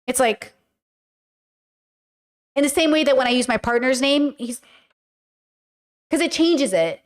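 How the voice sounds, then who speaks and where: A woman hosting a podcast, talking frankly and casually to her viewers, with lots of fillers, casual swearing and acted-out quotes. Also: on the high side. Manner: chatty, frank, many fillers, acts out quoted speech. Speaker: podcast host.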